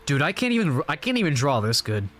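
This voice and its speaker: A man casually reacting to a comic he is reading aloud, rambling and animated, with many fillers. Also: fairly high pitch, quick pace, faint music behind. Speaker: reaction channel host.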